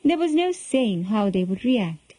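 A woman reading a devotional story aloud in a slow, solemn, measured way. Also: medium pitch, very animated, mellow, breathy edge, no echo, low-quality recording. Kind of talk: scripted narration of a devotional tale.

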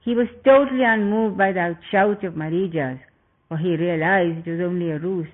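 A man narrating an epic tale in a measured, earnest way. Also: high voice. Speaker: storyteller. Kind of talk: scripted narration. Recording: tinny phone-like sound.

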